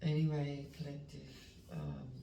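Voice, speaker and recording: A woman, giving a spiritual tarot reading in a slow, emotional, halting way that sometimes drops to a whisper. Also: low-pitched, big pitch swings, creaky, dark tone, lo-fi sound, soft background music. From Western Australia. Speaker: tarot reader. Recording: roomy, distant mic, faint background noise.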